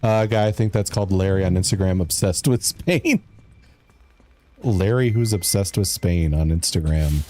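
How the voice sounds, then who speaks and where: A man's voice: low voice, measured pace, mellow. A man streaming a video game live, chatting casually and joking in a rambling way as he answers his chat.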